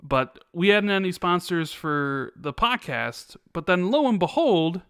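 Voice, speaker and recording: A man's voice: high voice, very animated, a little slow, a bit bright, clean tone, no room sound, clean studio sound. A man co-hosting a gaming podcast in casual chat, stammering and repeating words, chuckling, reading out viewer messages. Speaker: podcast co-host.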